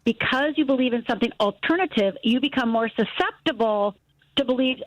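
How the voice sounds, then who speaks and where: Middle-aged woman from upper michigan on a radio show, kinda high voice, tells her story all animated, dry close mic. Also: a little fast, no echo, muffled recording. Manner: animated storyteller, acts out voices, laughs easily. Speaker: guest, fear expert. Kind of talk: radio interview, personal story.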